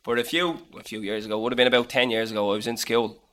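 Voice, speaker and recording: A man in his late twenties with a Dublin accent tells a story on a podcast. He talks casually and with energy, swears freely, and acts out the people in it. His voice has a bright, forward edge and sits at an ordinary pitch for a man. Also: steady tone, very fast. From Dublin, Ireland. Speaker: podcast co-host telling a story.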